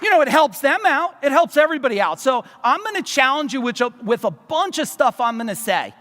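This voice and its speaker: A man from New Jersey giving a loud, fast, profane motivational business seminar to a live audience in a large hall. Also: very high voice, big pitch swings, some chatter behind. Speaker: business speaker. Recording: long reverb of a large hall.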